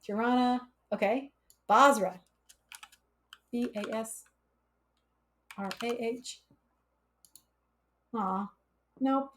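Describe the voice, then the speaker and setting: Woman streaming code, kinda high voice, chatty, laughs a lot, keyboard typing behind. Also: extremely slow, long pauses, fairly bright tone, a little hiss or hum. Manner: chatty, laughs often, reads chat aloud. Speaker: livestream coding instructor. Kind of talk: casual live coding chat.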